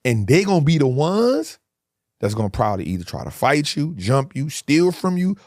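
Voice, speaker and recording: A man's voice: fairly high pitch, very animated, normal speed, a little mellow, no room sound, studio quality. Blunt man telling prison stories. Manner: emphatic, street slang, repeats "bro". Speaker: guest. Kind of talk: candid interview storytelling.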